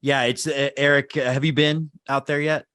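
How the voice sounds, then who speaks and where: A man's voice: a little high, flat delivery, normal speed, pushed and bright, clean tone, no echo, clean studio sound. A man co-hosting a podcast, chatting casually and laughing easily as he reads out award nominees. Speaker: podcast co-host. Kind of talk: casual chat.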